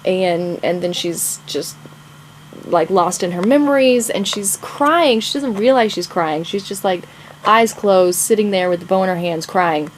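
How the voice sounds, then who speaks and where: Excitable young woman gushing over her writing. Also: medium pitch, a little slow, slight background noise, low-quality recording. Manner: gushing, excitable, laughs often. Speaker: author vlogger. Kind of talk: casual vlog chat, reading her draft aloud.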